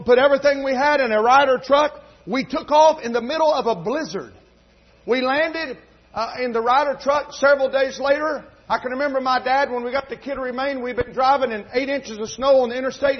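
A middle-aged North Carolina pastor preaches a church sermon in an extremely high, brisk voice, spinning folksy stories before rising to emphatic fervor. The recording is dull and lo-fi.

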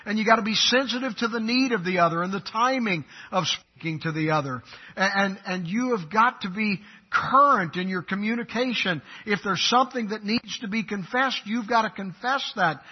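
A man preaching a sermon as pastor, swinging from loud, emphatic declarations to quiet, intimate asides. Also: high voice, moderate pace, husky, dull audio.

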